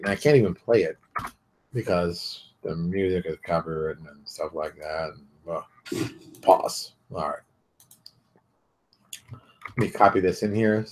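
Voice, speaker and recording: A middle-aged man with a lowish voice hosts his own show, talking straight to the viewer in a loose, unscripted way. He rants bluntly and gets animated as he hands out advice. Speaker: show host. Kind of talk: casual advice monologue.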